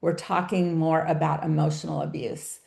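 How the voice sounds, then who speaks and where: A woman's voice: low-pitched, fairly even intonation, normal speed, creaky, darkish tone, echoey room. A woman hosting a webinar interview, asking thoughtful questions over a video call. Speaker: webinar host.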